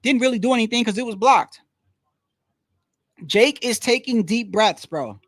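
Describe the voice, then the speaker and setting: Male streamer, high-pitched, slangy and blunt, casual live fight commentary, dry close mic. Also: animated, normal speed, a bit bright, no echo. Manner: slangy, says "bro" constantly, blunt and opinionated.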